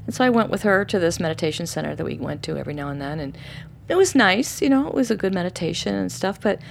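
A woman telling a personal story in casual conversation, animated, acting out quoted voices and dropping to a hushed tone for calm moments. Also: fast talker, creaky, a little hiss or hum. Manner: animated, acts out quoted voices with sudden high bursts; drops to soft, hushed narration for calm moments. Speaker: interview guest.

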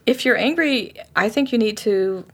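A woman author being interviewed, teaching forgiveness in a lively, conversational way with frequent restarts. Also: fairly high pitch, moderate pace, creaky.

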